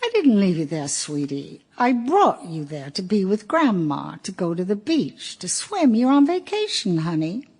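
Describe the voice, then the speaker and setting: A woman's voice: medium pitch, big pitch swings, measured pace, few pauses, darkish tone, slightly rough, full character voice. A woman voicing a tired, slightly drunk mother, talking in a weary, soothing way. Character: tired, tipsy young mother.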